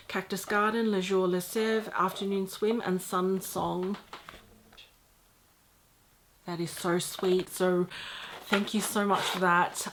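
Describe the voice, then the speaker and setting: A woman's voice: medium pitch, slight background noise. Gushing woman unboxing luxury gifts. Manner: gushing, excitable, repeats "so sweet". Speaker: luxury vlogger. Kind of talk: casual unboxing vlog.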